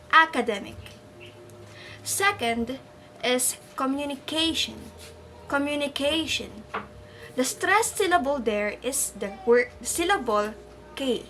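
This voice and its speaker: A woman presenting teaching strategies, repeating each example word slowly and deliberately. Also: high voice, pushed and bright, slight background noise. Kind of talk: scripted lesson presentation.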